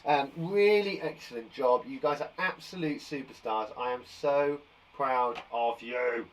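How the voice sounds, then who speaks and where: A man runs a live online lesson for young children, upbeat and full of encouragement. His voice sits fairly high and swoops about a lot. He is picked up from a little distance, with a faint hum of ambience behind him. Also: expressive, a little fast. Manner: upbeat, warmly encouraging, chatty with a puppet. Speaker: primary school teacher. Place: garden shed.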